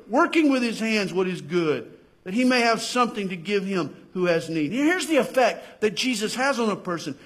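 A fervent Southern US pastor delivering a sermon, his voice pitched high for a man. There's a husky grain to it as he presses his points and rises toward near-shouts. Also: animated, normal speed. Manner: impassioned preaching that swells to near-shouts.

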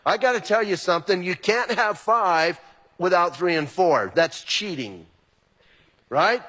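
Husky guy preaching in a big echoey church, acts out little dialogues. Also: high voice, a little slow. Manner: animated, acts out quoted exchanges. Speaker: pastor. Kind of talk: sermon. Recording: long reverb of a hall.

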